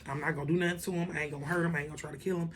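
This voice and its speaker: A woman telling a story in a casual vlog, animated and profane, with lots of asides to the viewers. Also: sits low, very fast. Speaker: vlogger.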